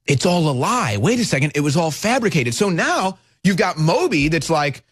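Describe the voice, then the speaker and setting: Male talk radio host, high-pitched, heated and shouting, dry studio mic. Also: very animated, moderate pace, slightly rough, dry recording. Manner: fired-up, rising to shouts.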